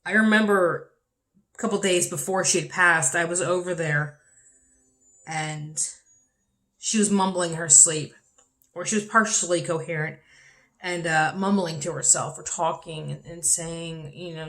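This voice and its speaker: Low-voiced woman telling a raw story. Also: steady tone, measured pace, fairly bright tone. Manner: candid, swears freely, voice rising when upset. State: dry mouth. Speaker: vlogger. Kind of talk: personal vlog, emotional storytelling.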